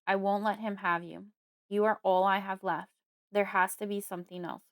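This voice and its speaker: A woman's voice: medium pitch, level tone, moderate pace, no echo, clean studio sound, natural voice. A woman voicing a distraught father who is shielding his young daughter, speaking in a stern, urgent way. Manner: stern, urgent, yelling at times. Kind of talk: audiobook character voice.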